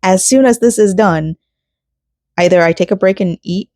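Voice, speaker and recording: A woman's voice: medium pitch, moderate pace, mellow, dry recording, clean studio sound. A young woman chatting casually while crafting at home, rambling and emotional, with frequent laughs. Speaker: crafting vlogger. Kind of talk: casual rambling vlog chat.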